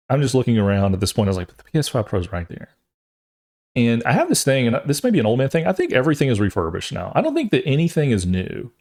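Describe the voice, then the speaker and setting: A man's voice: medium pitch, a little mellow. A man in his thirties, a podcast host, telling a long rambling story in a casual way and acting out the voices of other people as he goes.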